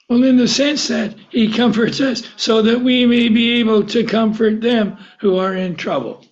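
Male pastor, high voice, sermon of rhetorical questions, dull lo-fi recording. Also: a little mellow. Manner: rhetorical questions, answering himself.

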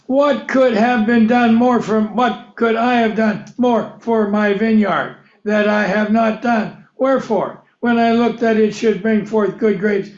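A man with a high voice delivers a slow, unhurried sermon, posing questions to his listeners and answering them himself. The recording sounds dull and lo-fi, and his voice rings in a roomy, echoey space. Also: darkish tone. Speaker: preacher. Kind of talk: sermon, Bible teaching.

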